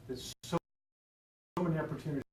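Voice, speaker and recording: A man's voice: fairly high pitch, fast talker. A man volunteering in a workshop demo, speaking hesitantly and searching for words. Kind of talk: unscripted participation in a demo. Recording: echoey room, distant mic, faint noise.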